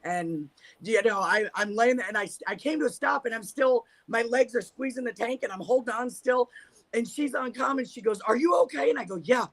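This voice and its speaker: A woman's voice: on the high side, normal speed. A woman guest on a talk show, telling candid stories about her riding trips with a laugh. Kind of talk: casual chat.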